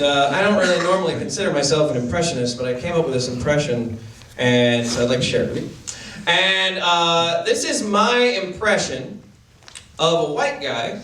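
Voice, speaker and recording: A man's voice: fairly high pitch, fairly bright tone, slight background noise. Young man doing dry stand-up. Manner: dry, halting delivery with many fillers. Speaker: stand-up comedian. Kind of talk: stand-up comedy set. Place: small live venue with an audience. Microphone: distant camera mic. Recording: echoey room from far off. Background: audience laughter.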